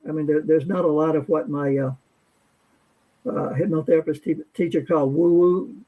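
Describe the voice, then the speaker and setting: A man's voice: fairly high pitch, fairly even intonation, normal speed. A man with a slightly raised voice joins the conversation over a dull, lo-fi connection. He talks casually and chattily as a guest.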